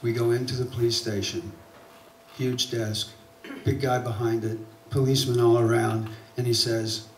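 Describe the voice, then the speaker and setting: A man from South Alabama with a Southern accent, telling a personal story live on stage, animated and getting louder at the tense moments. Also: medium pitch, normal speed, a little hiss or hum. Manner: animated, building to loud excitement at tense moments. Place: theater stage. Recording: roomy live hall recording from a distance.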